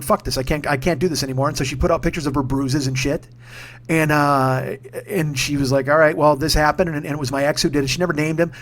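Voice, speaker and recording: A man delivering a casual, profane, ranting monologue full of restarts, recorded at home. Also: fairly high pitch. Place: home room with armchair.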